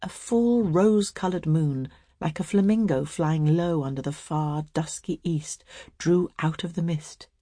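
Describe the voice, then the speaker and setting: Audiobook narrator, woman, low, breathy tone, dry close sound. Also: no room sound. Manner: measured, expressive reading. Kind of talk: literary fiction reading.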